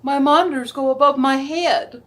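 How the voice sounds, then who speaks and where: A woman's voice: high voice, steady tone, normal speed. A woman chatting casually in a home vlog, playful and talking to her dog as she sets up her room. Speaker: vlogger. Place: at home, in a room being set up. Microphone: camera.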